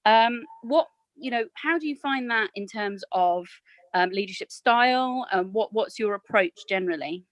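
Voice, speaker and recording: A woman's voice: medium pitch, lively intonation, no room sound, highs cut off. A woman hosting a webinar panel, asking questions in a chatty, encouraging way. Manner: chatty, encouraging, quick praise. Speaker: panel host. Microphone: remote video call.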